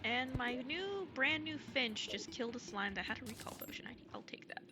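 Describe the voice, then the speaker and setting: A woman streaming live while gaming, chatting casually and gushing excitedly over her viewers. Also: high voice, a little fast, music in the background. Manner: bubbly and gushing, thanks chat excitedly.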